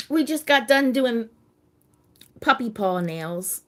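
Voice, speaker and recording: A middle-aged woman hosting a casual live chat with her viewers, talking in a halting way and repeating words as she gets emotional. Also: fairly high pitch, animated, slight background noise. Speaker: livestream host.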